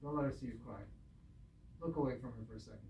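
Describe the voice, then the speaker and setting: Male acting coach, mellow voice, patient and directive, echoey room, off-mic. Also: mid-range voice, quick pace, muffled recording, slight background noise. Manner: patient, directive, wears a mask. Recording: roomy echo, distant mic.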